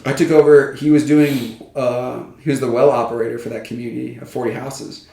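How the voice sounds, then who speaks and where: Laughing storyteller from Iowa, echoey and distant. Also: male voice, medium pitch, brisk, creaky. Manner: laughs often, animated storytelling with acted quotes. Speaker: podcast guest, carpenter. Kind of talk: casual storytelling chat. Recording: roomy, from off the mic.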